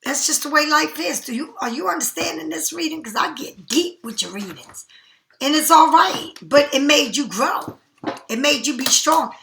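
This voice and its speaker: A woman talks through a tarot reading in a loose, slangy, animated way. Her voice sits high and sounds bright. The room around her is echoey. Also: moderate pace, gravelly. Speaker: tarot reader.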